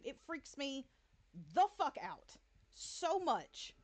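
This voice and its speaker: A woman's voice: sits high, big pitch swings, slow pace. Swearing, jumpy woman game streamer. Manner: startled, swearing often, laughing between lines. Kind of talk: live gameplay reaction commentary.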